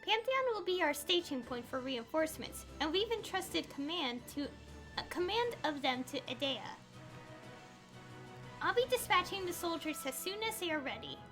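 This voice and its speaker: High-voiced girl streamer reading game lines out loud, giggly asides, lots of up and down, game music behind. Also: very animated, moderate pace. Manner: chatty, giggly, reads lines aloud with asides. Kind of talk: casual live-stream commentary and reading game dialogue aloud.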